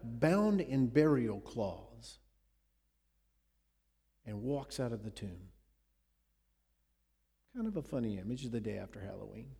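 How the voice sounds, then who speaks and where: A man preaching a sermon, retelling scenes dramatically with sudden swings between loud and hushed delivery. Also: mid-range voice, slightly rough, in a large hall. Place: church.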